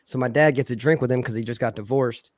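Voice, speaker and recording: A man's voice: medium pitch, fast, no room sound, studio quality. A man telling a long, profane story on a casual podcast, acting out the people he quotes. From Philadelphia. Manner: profane, animated, acts out quoted voices loudly.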